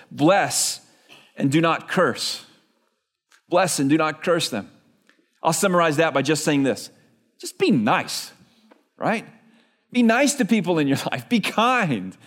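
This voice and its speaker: A male pastor preaching a sermon in a church, telling stories conversationally with frequent "right?" asides. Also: fairly high pitch.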